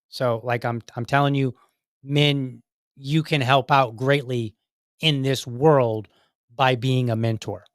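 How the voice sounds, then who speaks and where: An earnest man in casual conversation, rambling through his points with frequent restarts and asides. His voice sits at a middle pitch, and the sound is close and dry with no room around it. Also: steady tone, a little slow, no echo. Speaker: podcast host. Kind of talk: casual commentary on videos.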